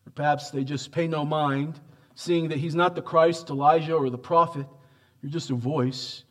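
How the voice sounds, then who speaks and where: Pastor, male, slightly higher voice, preaches with rhetorical questions and big swings from quiet to forceful. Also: fairly even intonation, normal speed. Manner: dynamic, swings from hushed to emphatic. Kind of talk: sermon.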